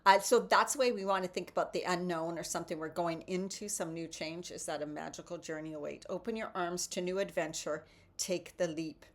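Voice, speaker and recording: A woman's voice: on the low side, fairly even intonation, brisk. A woman hosting a casual motivational morning talk and reading tarot cards, chatty and often adding "right?".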